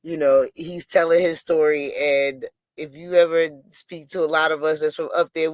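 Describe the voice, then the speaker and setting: A man's voice: on the high side, little pitch movement, moderate pace, smooth, dry recording. New man reacting on stream. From New York. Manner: laid-back, amused, repeats himself. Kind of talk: casual reaction commentary.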